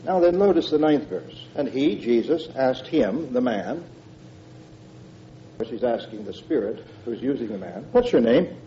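A man's voice: mid-range voice, expressive, measured pace, warm tone, dull audio, slight background noise. An older man preaching a conversational verse-by-verse sermon, emphatic, with frequent fillers and restarts.

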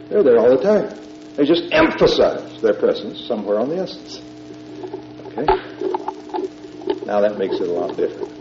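Low-voiced man teaching Bible class. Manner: explains patiently, repeats phrases, checks with "all right?". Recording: echoey room, dull lo-fi tape, music behind.

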